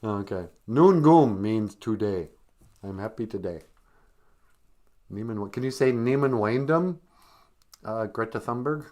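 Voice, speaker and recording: A man's voice: on the low side, animated, measured pace, pauses often, darkish tone. A man hosting a comic live-stream podcast, teaching language phrases in a joking, self-mocking way. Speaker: podcast host teaching Ojibwe.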